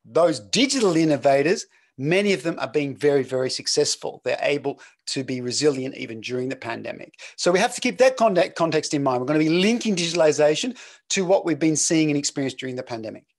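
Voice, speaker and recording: A man's voice: on the high side, fast. A middle-aged man with a slightly mixed Australian accent gives a chatty, joking online lecture as a professor. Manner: lively, jokey, chatty, reads chat aloud. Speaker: professor giving a webinar.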